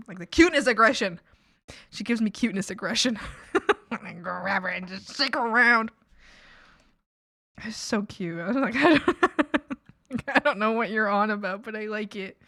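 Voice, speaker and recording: A woman's voice: medium pitch, fairly bright tone, dry recording, studio quality. A young woman streamer telling rambling stories about her coworkers in casual chat, giggling often and quoting people in her own voice.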